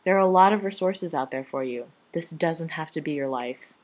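A woman's voice: deep voice, moderate pace. A woman voicing a sincere, earnest young male doctor. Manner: firm then gently sincere.

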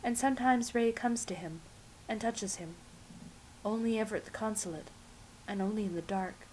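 A woman reads a story aloud in a calm, measured, intimate way, at a middle pitch. A faint background hiss sits under her voice. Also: poor audio. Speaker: story reader. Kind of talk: audiobook-style story narration.

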